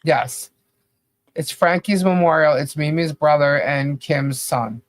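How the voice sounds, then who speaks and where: A podcast co-host rants bluntly and at length in critical commentary, dropping "you know" constantly and swearing casually. His voice is a little high and slow, with no echo.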